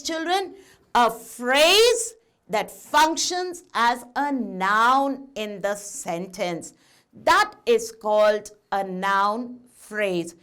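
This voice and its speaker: A woman teaching a grammar lesson, speaking slowly and emphatically and putting questions to her students. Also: high-pitched, a bit bright.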